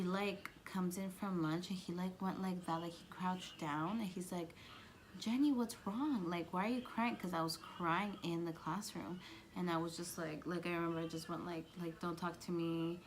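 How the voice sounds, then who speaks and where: A young woman vlogger telling a personal story in a chatty, animated way, full of "like"s. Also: lowish voice, a little hiss or hum. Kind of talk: storytime vlog.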